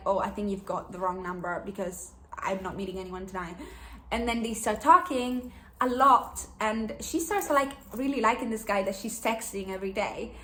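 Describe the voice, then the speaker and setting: Young woman, raised pitch, chatty and rambling, roomy echo. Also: a bit bright. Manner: chatty and rambling, many "like" fillers, laughs often. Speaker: book vlogger. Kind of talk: casual chat.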